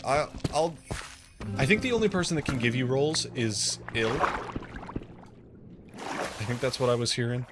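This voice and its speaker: A live streamer chatting casually while playing a game. The talk is rambling and self-deprecating, with quick asides to chat. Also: medium pitch. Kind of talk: casual gameplay commentary.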